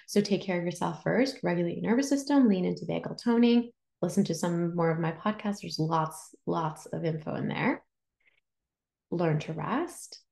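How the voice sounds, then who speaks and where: A woman hosting a casual spiritual podcast, chatty and animated, acting out inner voices as she teaches. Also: lowish voice, vocal fry, reverberant. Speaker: podcast host and Reiki teacher.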